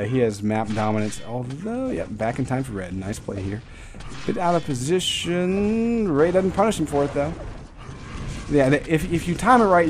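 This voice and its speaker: A man's voice: a little high, a little mellow, slight background noise. A man casting a live video game match with play-by-play commentary, jokey and prone to rambling tangents. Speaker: esports caster.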